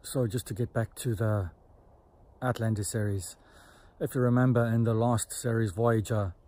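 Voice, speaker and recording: A man's voice: lowish voice, steady tone, moderate pace, mellow. Chatty middle-aged man. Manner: chatty, rambling, with frequent ums. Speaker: book and TV series reviewer. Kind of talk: casual chat to camera. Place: in a car on a road trip.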